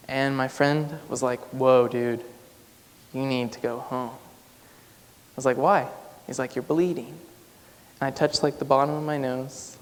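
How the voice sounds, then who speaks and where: A young male student on stage tells a personal story in a casual style, with a lot of "like" fillers. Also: mid-range voice. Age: young adult. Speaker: student speaker. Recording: long hall reverb, faint noise.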